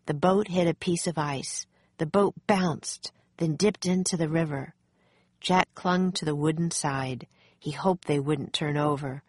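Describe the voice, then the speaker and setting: Woman storyteller, low voice, husky, dry close sound. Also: a little slow, no room sound. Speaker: audiobook narrator. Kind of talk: storybook narration.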